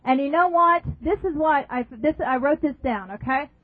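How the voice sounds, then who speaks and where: A woman's voice: high voice, moderate pace, no echo. A woman preaching a sermon emphatically, repeating phrases and asking her listeners questions. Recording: dry, phone-like narrow sound.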